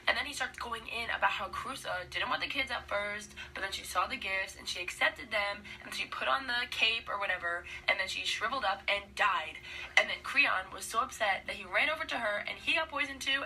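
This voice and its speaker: A woman's voice: mid-range voice, a little fast, sharp tone. A young woman retelling a classic play in a sarcastic, slangy, chatty way, recorded on a distant mic with faint hiss. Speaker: student summarizing a play. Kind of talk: comedic casual retelling.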